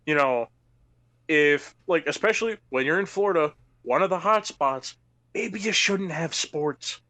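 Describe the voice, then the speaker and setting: A man's voice: on the high side, lively intonation, unhurried, bright, forceful tone. A young man co-hosting a casual sports talk stream, ranting heatedly and swearing often. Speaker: co-host.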